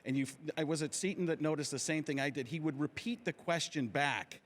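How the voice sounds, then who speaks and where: A man, a comedian guest in casual talk show chat, animated and slipping into voices mid-sentence. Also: on the high side, fairly quick, a little hiss or hum.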